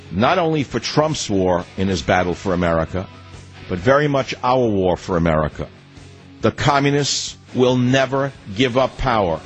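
A man's voice: on the low side, poor audio. An older man hosting a political talk radio show, reading an ad and then ranting in a combative, mocking way.

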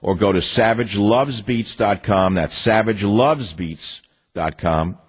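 A man's voice: lowish voice, slow pace, slightly rough, low-quality recording. An older man hosting a political talk radio show, reading an ad and then ranting in a combative, mocking way.

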